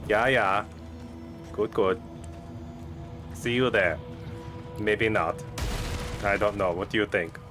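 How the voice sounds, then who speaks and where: A man's voice: fairly low pitch, slow pace, pauses often, music in the background. A man putting on a hammy, put-on German accent to voice a teasing male letter writer. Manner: hammy, breaking into laughter.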